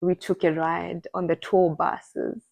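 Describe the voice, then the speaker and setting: Animated young woman from Zimbabwe. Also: fairly low pitch, takes it slowly, gravelly. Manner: animated, emphatic, laughs often. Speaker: podcast co-host. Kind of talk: casual chat.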